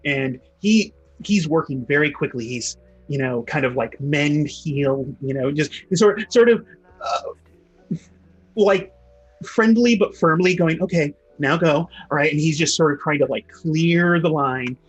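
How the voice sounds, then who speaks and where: A man's voice: on the high side, measured pace, breathy edge, muffled recording. A man narrating as game master of a tabletop game, loose and full of fillers.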